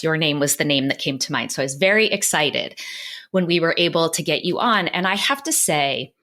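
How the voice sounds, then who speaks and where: A woman's voice: low-pitched, fairly bright tone. A woman podcast host introducing and interviewing a guest in an earnest, effusive way.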